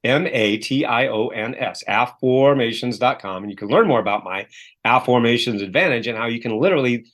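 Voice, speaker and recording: A self-help author and coach appears as a guest on a podcast interview, speaking fairly quickly in a mid-range voice. He's a lively storyteller who acts out the voices of people he quotes.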